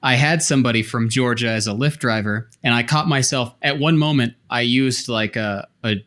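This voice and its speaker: A man's voice: mid-range voice, moderate pace, a bit bright. A man co-hosting a podcast, explaining his thoughts at length in casual chat. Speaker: podcast co-host.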